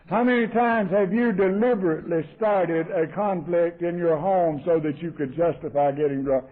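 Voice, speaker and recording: Southern man, AA speaker, folksy storyteller, high voice, tinny cassette tape. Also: moderate pace. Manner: folksy, emotional, acts out dialogue in his story. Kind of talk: recovery talk with storytelling. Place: meeting hall.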